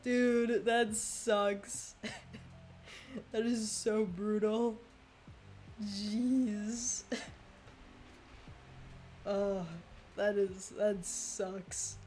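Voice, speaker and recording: A young woman talks casually over her own gameplay, unhurried and relaxed in her delivery. She breaks into laughter often and reacts loudly when the game goes wrong. Faint music plays underneath her voice. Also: mid-range voice. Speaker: streamer.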